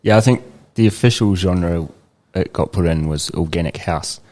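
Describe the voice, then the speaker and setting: A man with a New Zealand accent, a DJ and producer, talking about his music in a relaxed, plainspoken way. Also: low-pitched, normal speed. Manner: easygoing, plainspoken, many fillers. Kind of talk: casual interview chat.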